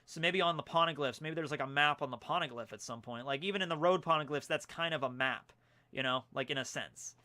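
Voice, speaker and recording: On a casual livestream from home, a young streamer reads his fan mail in a quick, sharp voice on the high side. His talk wanders, heavy with filler words.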